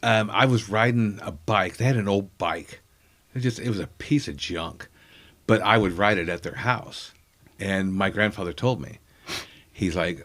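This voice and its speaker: A man's voice: fairly low pitch, a little slow, fairly bright tone. A middle-aged man telling rambling, self-deprecating family anecdotes in a casual chat, acting out the people he quotes. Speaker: comedian guest.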